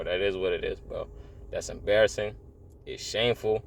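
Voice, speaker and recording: A man's voice: fairly low pitch, fairly even intonation, normal speed, gravelly, slight background noise. A man giving a casual, earnest spiritual monologue, rambling and repeating phrases, often saying "bro". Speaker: religious vlogger.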